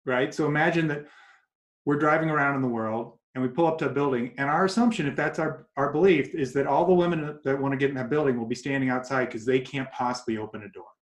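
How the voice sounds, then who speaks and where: A man giving advice as a guest in an interview, animated and acting out quoted voices as he tells stories. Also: medium pitch, quick pace. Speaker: guest coach. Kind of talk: casual interview talk. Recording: echoey room.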